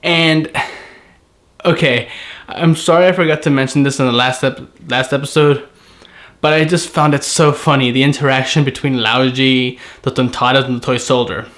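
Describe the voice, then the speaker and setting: A man giving a casual anime episode review, chatty and animated, often laughing and briefly mimicking characters. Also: mid-range voice, normal speed. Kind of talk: casual solo review recap.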